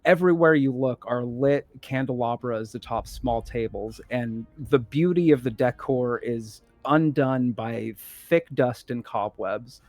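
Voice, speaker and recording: A man running a tabletop fantasy game as game master, describing scenes in a measured way. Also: mid-range voice, darkish tone, dry recording, faint music behind.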